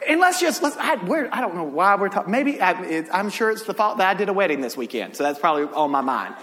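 Animated preacher in a reverberant hall. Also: male voice, high-pitched, fast. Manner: animated, laughing, drawling Southern storyteller. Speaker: pastor. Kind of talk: sermon with storytelling and jokes. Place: church sanctuary.

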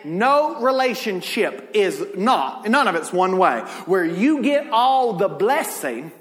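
A man's voice: high-pitched, slow, in a large hall. A man preaching a sermon in a church, telling family stories and jokes with lots of laughter. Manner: animated, laughing, drawling Southern storyteller. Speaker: pastor. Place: church sanctuary.

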